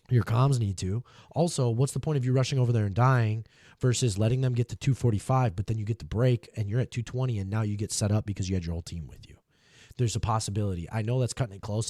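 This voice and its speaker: A man coaching players with emphatic energy, hammering points home and checking in with "okay?" His voice is dark and mellow. The sound is close and dry. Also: on the low side, no echo. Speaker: game coach.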